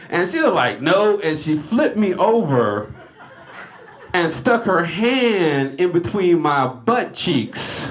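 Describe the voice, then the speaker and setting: A middle-aged comedian works a stage mic in a lodge hall. His voice sits high and swoops all over as he acts out each voice in his stories. He takes his time with every line. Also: very animated, slow pace, a bit bright. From North Carolina. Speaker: stand-up comedian. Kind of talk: live stand-up set.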